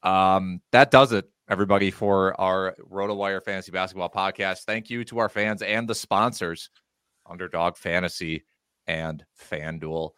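Man, podcast co-host, deep voice, bright clear tone, relaxed chat. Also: moderate pace, no echo, clean studio sound. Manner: relaxed, laughing, filler-heavy. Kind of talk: casual sports podcast chat.

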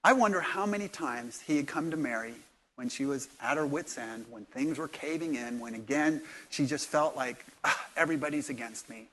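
A man preaching a sermon in a conversational storytelling way, sometimes dropping to soft, intimate tones. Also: medium pitch, moderate pace, a little hiss or hum. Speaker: pastor.

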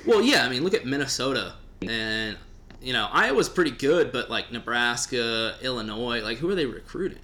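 Joking male podcast host, bright voice. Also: medium pitch, big pitch swings, normal speed. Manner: joking, rambling, casually profane. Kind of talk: casual podcast chat.

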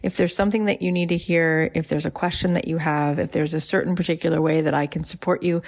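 A woman's voice: sits low, steady tone, quick pace, creaky, darkish tone. A woman podcast host addressing her listeners directly with an encouraging sign-off.

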